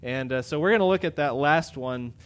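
A male pastor giving a sermon to a congregation, talking in a loose, conversational way with frequent fillers and quick self-corrections. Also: medium pitch. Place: church sanctuary. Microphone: microphone in front of a congregation.

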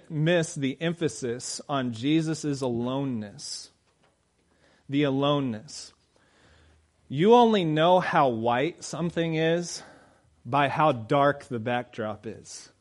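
Conversational male preacher, slightly high. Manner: conversational preaching, laughs at own jokes, rises to loud emphatic peaks. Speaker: pastor. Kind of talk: sermon.

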